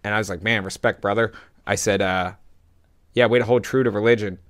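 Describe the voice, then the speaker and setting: A young man co-hosting a casual chat, rambling through animated stories with swearing. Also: on the low side, fast talker. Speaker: podcast co-host.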